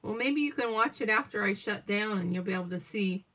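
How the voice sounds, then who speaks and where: A woman's voice: mid-range voice, a little fast, a bit bright. An older woman hosting a crafting livestream, chatting in a meandering way while she cuts out pictures and reads a children's story aloud.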